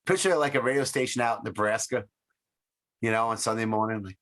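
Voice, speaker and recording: A man's voice: on the low side, fast, a bit bright. A man co-hosting a casual comedy podcast, rambling through stories and acting out the voices he quotes. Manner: rambling storyteller who acts out quoted voices. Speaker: podcast co-host.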